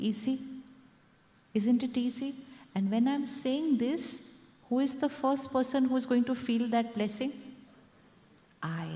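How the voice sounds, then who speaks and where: A woman with an Indian English accent giving a calm, repetitive meditation talk as a spiritual teacher, often asking the audience questions. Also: on the high side. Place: large hall at a live event. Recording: echoey hall with long reverb.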